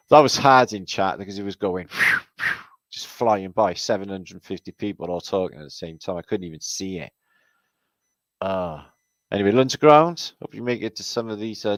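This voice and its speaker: A man hosting a livestream, chatting casually and giving rambling shout-outs to viewers. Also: low voice, no echo. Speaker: livestream host.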